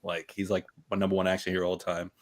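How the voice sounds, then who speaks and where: A man's voice: low-pitched, very fast. A man co-hosting a casual podcast chat about collecting statues, telling stories animatedly and acting out what his friends said. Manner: animated storyteller, acts out quoted friends. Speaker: podcast co-host.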